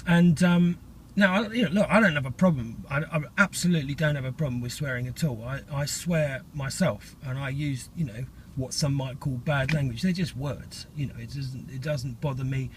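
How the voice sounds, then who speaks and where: A man's voice: medium pitch, moderate pace, a little hiss or hum. A middle-aged man, talking in a casual, rambling vlog monologue full of fillers and restarts.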